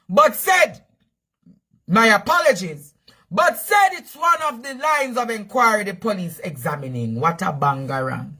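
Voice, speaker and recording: A Jamaican man hosting news commentary, shouting and repeating phrases for emphasis in a fiery rant. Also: high-pitched, very animated, measured pace, breathy edge.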